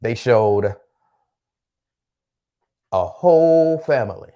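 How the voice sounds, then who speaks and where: A man's voice: mid-range voice, animated, drawn-out words, warm tone, dull audio. Laid-back man hosting a live-stream chat. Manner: laid-back, repeats phrases, chats to viewers by name. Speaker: host.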